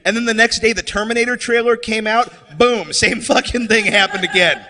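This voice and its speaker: A man performing a stand-up comedy set on stage, animated and slipping into mocking character voices. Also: high-pitched, fairly quick, long reverb tail. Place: comedy stage before a live audience.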